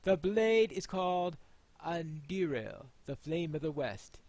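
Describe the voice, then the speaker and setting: A man reads an ancient elf lord in slow, ceremonial lines, his fairly high voice pulled down and formal. The close, dry sound carries no room at all. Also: expressive, darkish tone, no echo, full character voice. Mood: stately. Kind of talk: reading quest dialogue aloud.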